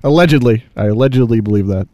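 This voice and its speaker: A man's voice: medium pitch, fast, background noise. A man hosting a casual podcast, reviewing movies in a chatty, rambling way and laughing often.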